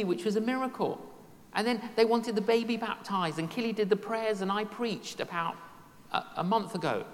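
A woman preaching a sermon, telling personal stories and repeating key phrases for emphasis. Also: mid-range voice. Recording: long hall reverb.

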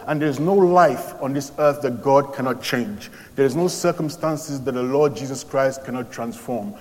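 A young man preaching a sermon, retelling Bible stories in quoted voices with many ums and restarts. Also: mid-range voice. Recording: long hall reverb.

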